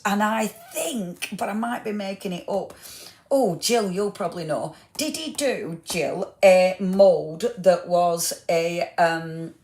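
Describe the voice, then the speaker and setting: A woman hosting a live craft product showcase, gushing over papers and chatting to viewers by name. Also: fairly low pitch. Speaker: craft shop host.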